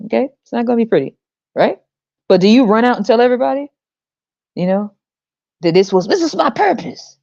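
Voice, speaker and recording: An American woman ranting on her podcast, her pitch swinging all over as she mocks and curses. The sound is dry and a little dull and lo-fi. She laughs often and slips into high mimicking voices. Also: very animated, brisk, creaky, pauses often, a little mellow, no echo. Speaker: podcast host. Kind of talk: casual monologue rant.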